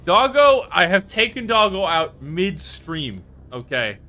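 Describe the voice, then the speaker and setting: A man with a high, sing-song voice, bright and pushed, takes his time as he streams a video game live. He chats casually to himself and his viewers, swearing now and then, with game music playing behind him.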